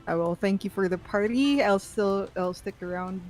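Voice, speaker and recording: A woman joining a stream over voice chat, talking in a drowsy, soft way. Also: medium pitch, normal speed, soft background music. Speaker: stream guest player. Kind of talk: casual voice chat.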